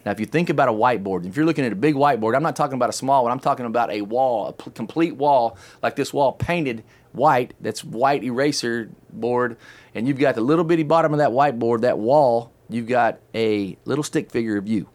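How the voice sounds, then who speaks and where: A middle-aged man hosting a casual chat, telling a long story in an animated, chatty way and laughing often. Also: medium pitch, fairly quick. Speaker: podcast host telling a story.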